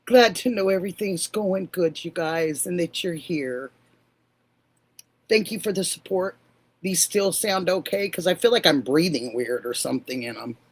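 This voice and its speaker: An older woman hosting a live stream, warmly greeting viewers by name and calling them honey and sweetheart. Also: fairly low pitch, moderate pace, husky. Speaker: livestream host.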